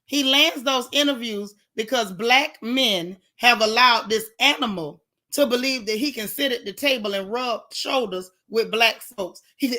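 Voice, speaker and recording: A woman's voice: on the high side, pushed and bright. A woman vlogger giving casual commentary on celebrity gossip, indignant and sarcastic, talking straight to her viewers.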